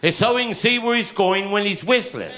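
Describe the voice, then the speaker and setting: A man's voice: high-pitched, animated, fairly quick, very noisy. A man with a Cornish accent telling rambling, bawdy stand-up stories in broad dialect at a live show. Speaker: comedian. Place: live show before an audience. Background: audience laughter.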